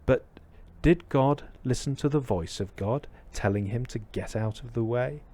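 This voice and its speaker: A man's voice: mid-range voice, a little slow, dark tone, voice pushed up, close to an everyday voice. A man doing a patient old guru.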